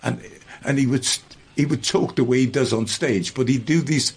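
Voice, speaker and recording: An older man with a husky, slightly breathy voice recalls his years as a stage impressionist. He tells his stories in a rambling, anecdotal way, restarting sentences as he goes, at an ordinary middle pitch. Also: moderate pace. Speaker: guest entertainer and impressionist. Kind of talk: reminiscing in a conversational interview.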